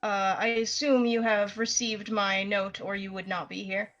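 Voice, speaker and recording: A sleazy, scheming nobleman with criminal ties, put on by a woman. He talks slowly and haltingly, reaching for a German accent that keeps slipping. His voice sits fairly high for a man. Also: a bit bright, lo-fi sound, soft background music. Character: sleazy scheming male nobleman, crime boss.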